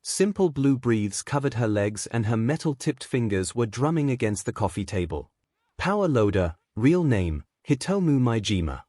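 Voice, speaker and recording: A man's voice: medium pitch, big pitch swings, moderate pace, a little mellow, no room sound. Dry-voiced man narrating fan fiction. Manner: reads every part in one voice.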